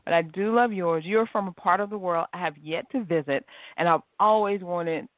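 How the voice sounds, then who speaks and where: A woman's voice: on the low side, normal speed, no room sound. Chatty enthusiastic woman host, phone line. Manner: chatty, enthusiastic, laughs often. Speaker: podcast host. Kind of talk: podcast interview. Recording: dry phone-line audio.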